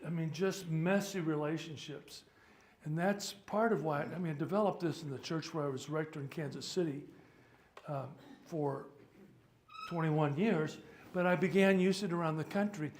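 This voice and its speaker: A man in his seventies, a priest, giving a loose, joking workshop talk and pausing to sort out practical matters. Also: a little high, a little mellow, slight background noise. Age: 70s. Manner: chatty, joking, stops to sort out sound. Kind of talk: informal teaching talk.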